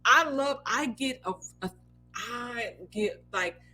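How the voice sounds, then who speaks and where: Bright-voiced candid young woman. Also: a little high, soft background music, poor audio. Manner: candid, blunt, drawn-out storytelling with fillers. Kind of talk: casual chat.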